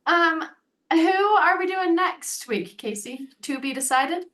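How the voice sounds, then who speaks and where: A woman with a high voice co-hosts an easygoing podcast. She is relaxed and agreeable, chiming in with brief replies. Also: takes it slowly. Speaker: podcast co-host. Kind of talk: casual chat.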